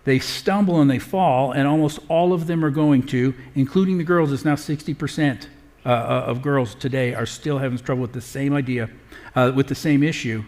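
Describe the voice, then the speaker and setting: A man's voice: medium pitch, moderate pace, a little mellow. A middle-aged man giving a live parenting talk to an audience, earnest and conversational, with frequent filler sounds. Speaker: parenting speaker.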